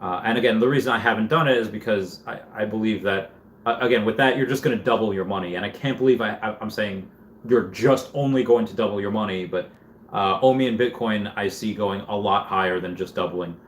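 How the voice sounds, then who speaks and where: A man hosting a casual livestream, reading chat comments aloud and thinking out loud in a rambling way. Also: on the low side, brisk, slight background noise. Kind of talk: casual live-stream chat.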